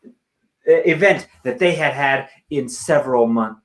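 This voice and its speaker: A man performing improv comedy, narrating a made-up story in a playful, drawn-out way. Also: medium pitch, fairly bright tone.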